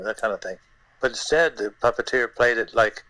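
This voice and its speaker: An older man, a guest puppeteer, telling stories in an interview in a halting way, repeating words and using many fillers. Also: mid-range voice, pushed and bright, dry recording, rough recording. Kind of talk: anecdotal interview storytelling.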